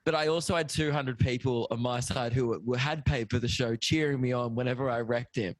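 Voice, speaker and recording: Animated comedian man. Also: mid-range voice, fairly quick, no room sound. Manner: animated storytelling, laughs often, swears. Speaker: stand-up comedian. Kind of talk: casual podcast chat.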